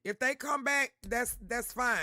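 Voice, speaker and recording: A man hosting a livestream, talking straight to his chat viewers and repeating himself to make points clear. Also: very high-pitched, unhurried, pushed and bright, no echo, clean studio sound. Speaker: livestream host.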